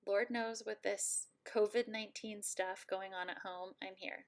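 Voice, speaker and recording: A woman instructor at home, giving a friendly, playful software tutorial walkthrough and joking about herself. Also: medium pitch, fairly even intonation, unhurried, few pauses.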